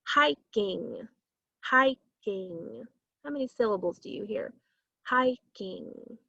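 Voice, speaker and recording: A woman teaching a phonics lesson to young children, slowly stretching out sounds and syllables. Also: mid-range voice, fairly bright tone, no echo, highs cut off.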